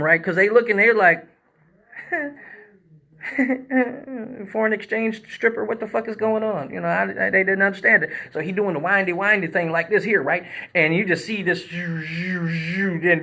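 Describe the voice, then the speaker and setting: A man hosting a live stream, telling a crude comic story in a casual, animated way. He swears freely and acts out scenes with sound effects. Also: fairly high pitch. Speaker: male exotic dancer, live-stream host.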